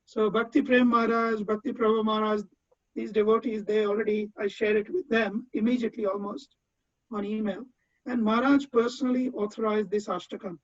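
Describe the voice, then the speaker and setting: A man's voice: high-pitched, little pitch movement, a little fast, no echo. A man giving a heartfelt tribute speech as a disciple, telling personal memories earnestly, often restarting his phrases. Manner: earnest, with frequent repeated starts. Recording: dull, dry lo-fi sound.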